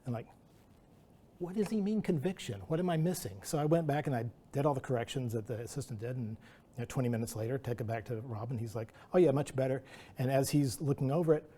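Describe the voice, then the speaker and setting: A man's voice: mid-range voice, quick pace, dark tone, breathy edge. A middle-aged man, a guest artist, telling rambling anecdotes at an artist talk, acting out quotes. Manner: rambling anecdotal delivery with restarts and acted-out quotes.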